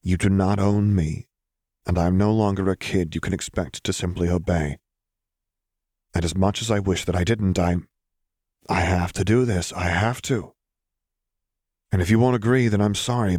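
A man reading a determined young hero, quiet and earnest. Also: low voice, moderate pace, long pauses, no echo, clean studio sound. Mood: earnest, firm. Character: determined, sincere young man, tired but firm.

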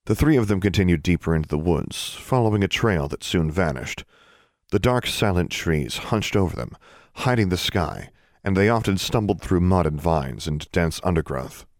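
A man narrating an audiobook in an even, measured reading. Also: deep voice, no room sound, studio quality. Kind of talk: scripted narration.

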